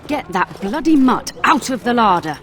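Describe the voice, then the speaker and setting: A woman plays a cranky old cook who runs her castle kitchen with a sharp tongue. Her pitch leaps all over as she scolds, with game music behind her. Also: very animated, moderate pace. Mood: scolding. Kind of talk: fan voice acting over a game.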